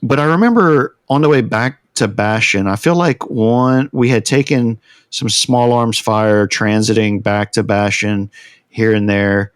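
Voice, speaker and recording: Lively veteran man telling a war story. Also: on the low side, a little slow, smooth, dry recording, clean studio sound. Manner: animated, acts out shouted quotes. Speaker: guest, military veteran. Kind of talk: casual storytelling in a podcast interview.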